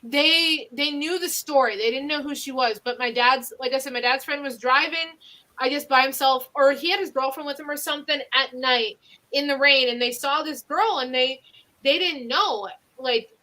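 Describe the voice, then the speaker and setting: On her podcast, a woman with a Northeastern Pennsylvania accent chats casually through local ghost stories. Her high, bright voice moves at a moderate pace, running on in loose, rambling sentences packed with fillers and restarts.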